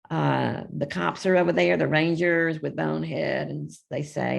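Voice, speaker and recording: This older author reads her picture book for children aloud live at a normal speed, barely pausing, her deep voice steady and touched with vocal fry. Between pages she chats, and she voices the characters with small shifts and side remarks.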